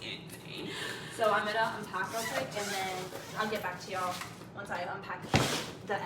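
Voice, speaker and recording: A woman's voice: medium pitch, steady tone, brisk, heavy background noise. A young woman talking casually to camera as a travel vlogger, chatty and blunt, swearing freely, over background music. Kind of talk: casual vlog talk to camera.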